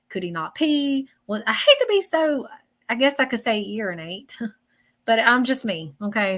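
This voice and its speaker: A woman's voice: fairly high pitch, fairly bright tone. A woman giving a live psychic reading in a blunt, chatty way, often checking in with her listeners. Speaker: psychic medium.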